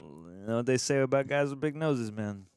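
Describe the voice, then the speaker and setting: A man's voice: medium pitch, animated, moderate pace, very noisy. A man co-hosting a movie reaction, dropping dry punning quips. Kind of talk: casual joking commentary.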